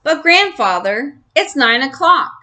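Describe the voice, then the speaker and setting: Storybook figure: a woman playing a nervous young mouse, timid and slow, bright voice. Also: high-pitched, very animated, full character voice. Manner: timid, explaining. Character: nervous young male mouse, grumbling grandson.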